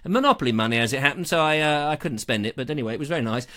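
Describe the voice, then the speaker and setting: Lively, bright man chatting. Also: mid-range voice, rapid-fire. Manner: jokey, rambling, self-deprecating. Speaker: host of a live online show. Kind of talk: casual rambling live-stream chat. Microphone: lapel mic.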